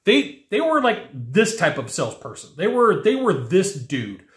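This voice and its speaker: Energetic male sales coach, a touch high-voiced, recorded in a reverberant room. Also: unhurried. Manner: animated, acts out whiny customer voices. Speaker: sales trainer. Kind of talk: energetic teaching monologue.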